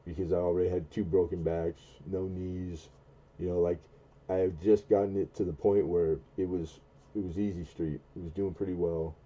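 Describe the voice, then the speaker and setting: A man's voice: level tone, lo-fi sound. A man in his forties telling a long, rambling story on a casual late-night stream, often stopping and restarting mid-sentence. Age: 40s. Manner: rambling, halting, with many restarts and fillers; acts out quoted dialogue in a much higher, louder voice. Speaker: livestream host.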